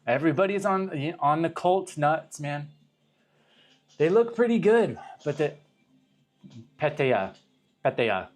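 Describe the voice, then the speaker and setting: A man's voice: on the high side, unhurried, soft background music. A young man from Arizona chatting casually on a livestream, rambling, swearing and cutting himself off as he reacts to viewer questions. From Arizona, USA. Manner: rambling, profane, self-interrupting. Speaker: livestream host.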